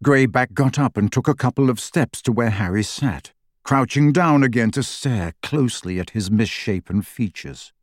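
A man narrating a fantasy audiobook in a dramatic, expressive reading. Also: medium pitch, moderate pace, dry recording, clean studio sound.

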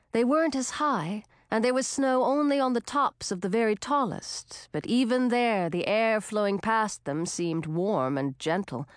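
A woman reading a storybook aloud in steady, scripted narration. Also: medium pitch, dry recording, clean studio sound. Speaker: audiobook narrator.

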